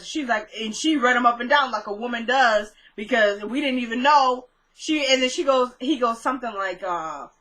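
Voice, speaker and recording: A woman casually recapping a TV episode, chatty and animated, acting out characters' lines as she retells the scenes. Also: a little high, low-quality recording. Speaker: TV recap vlogger.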